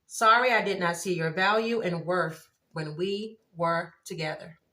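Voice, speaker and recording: Excitable woman reading tarot cards aloud. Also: fairly low pitch, unhurried. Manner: excitable, exclaims at cards, laughs often. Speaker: tarot reader. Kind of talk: casual tarot reading to viewers.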